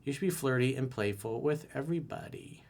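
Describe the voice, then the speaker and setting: A man's voice: mid-range voice, expressive, fairly quick, gravelly, darkish tone. A man coaching on dating, reading a viewer's email and replying bluntly and candidly with casual swearing.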